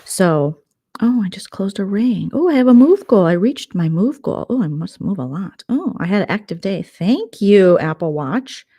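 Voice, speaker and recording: A woman's voice: medium pitch, big pitch swings, moderate pace, dark tone, breathy edge. A woman hosting a vlog, chatting casually with a sarcastic, chatty manner. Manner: sarcastic, chatty, tangent-prone. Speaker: vlogger host. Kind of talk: casual gossip commentary.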